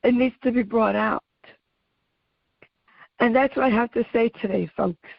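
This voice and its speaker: A woman hosting her own audio show, giving an earnest, emphatic motivational talk in a slow, deliberate way. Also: a little high, steady tone, gravelly, dry recording. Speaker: podcast host. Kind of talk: motivational monologue. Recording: dull lo-fi audio.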